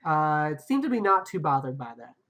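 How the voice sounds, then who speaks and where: A woman's voice: sits low, sing-song, fairly quick, fairly bright tone. A woman acting as game master of an online tabletop game, talking over a video call with many fillers and hesitations. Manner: hesitant, filler-heavy, laughs often.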